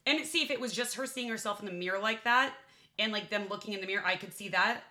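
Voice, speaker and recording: A woman's voice: mid-range voice, quick pace, bright, forceful tone. A woman in her thirties co-hosting a podcast, talking casually and swearing freely. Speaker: podcast co-host. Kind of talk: casual chat.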